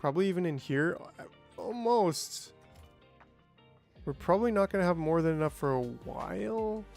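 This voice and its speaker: A man's voice: high-pitched, animated, normal speed, vocal fry, darkish tone, soft background music. A man streaming a game, chatting casually and thinking aloud, with playful sound effects. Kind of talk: casual gameplay livestream chat.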